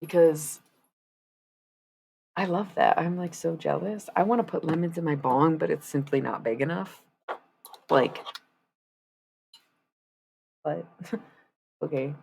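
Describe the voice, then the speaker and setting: A woman's voice: low voice, slow pace, vocal fry, long pauses, a little mellow, slight background noise. A woman chatting casually on a live stream as she paints, rambling and swearing freely in asides to her viewers.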